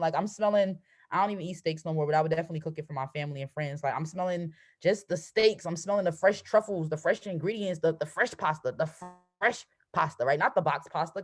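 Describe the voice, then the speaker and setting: A woman giving a motivational talk as a coach. She speaks conversationally and with energy, asks her listeners "right?" again and again, and acts out excited affirmations. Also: medium pitch. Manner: conversational, keeps asking "right?". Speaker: trading and mindset coach.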